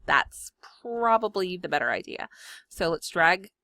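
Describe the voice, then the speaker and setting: A woman's voice: lowish voice, sing-song, measured pace, pushed and bright, no room sound. Chatty woman, dry close sound. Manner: chatty, self-deprecating, giggly. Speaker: scrapbooking video host. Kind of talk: casual chat while demonstrating software. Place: home room.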